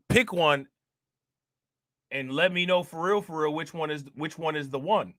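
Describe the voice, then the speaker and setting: A man hosting a relaxed reaction stream, talking in easygoing slang and circling back over his own phrases. His voice is bright and forceful. The sound is dry and close. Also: a little high, normal speed, long pauses, no room sound. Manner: loose slangy talk, repeats phrases, reads chat shout-outs. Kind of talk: casual livestream chat.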